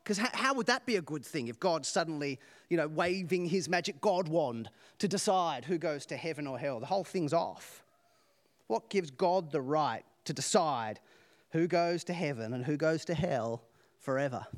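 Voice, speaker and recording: A man preaching a sermon, telling a joke with lively rhetorical questions and laughing at his own lines. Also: on the high side, moderate pace.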